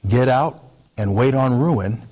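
A man voicing a soft-spoken, earnest stranger who drives a beat-up car and offers to heal people, in a coaxing, easygoing way. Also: mid-range voice, slow. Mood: soft gentle.

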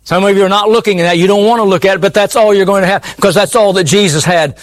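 A man's voice: high-pitched, fairly even intonation, fast talker. A man preaching a sermon in an earnest, pleading way, often repeating his words.

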